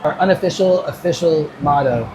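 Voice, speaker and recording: A man's voice: a little high, normal speed, background noise. Enthusiastic man giving a restaurant tour. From New Mexico. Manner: enthusiastic storyteller, acts out quoted customers. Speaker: restaurant owner. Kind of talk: casual behind-the-scenes tour. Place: restaurant kitchen.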